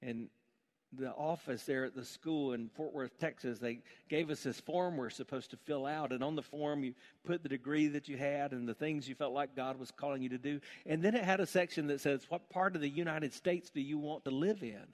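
A man preaching in church with an emphatic, pleading delivery that keeps climbing. His voice sits high for a man and rings out with urgency as he calls his listeners to respond. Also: moderate pace. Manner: emphatic, rising to fervent pleas. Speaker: pastor. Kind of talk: preaching a sermon. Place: church gathering.

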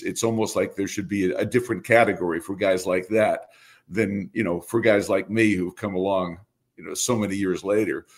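A man's voice: fairly low pitch, slightly rough. Reflective older man from Brooklyn. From Brooklyn, New York. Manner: reflective, earnest, many restarts. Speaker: baseball broadcaster, guest. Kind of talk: conversational interview.

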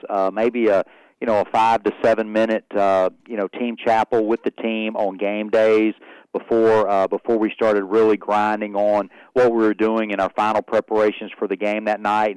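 A man's voice: on the low side, darkish tone, clear, resonant tone, dry recording, rough recording. A middle-aged man, a former head coach, talking in a casual interview with many fillers and restarts.

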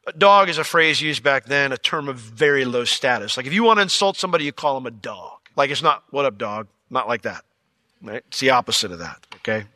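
A man preaching a sermon as pastor, telling Bible stories with lively, playful asides. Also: medium pitch, fairly quick, no echo, clean studio sound. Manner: animated storytelling with playful asides.

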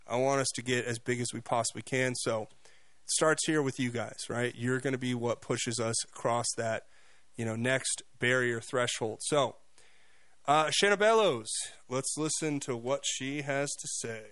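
A man's voice: medium pitch, fairly bright tone, dry recording. A male radio talk show host giving a mocking, opinionated monologue with many restarts and repeated words. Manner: fast, mocking, repeats himself.

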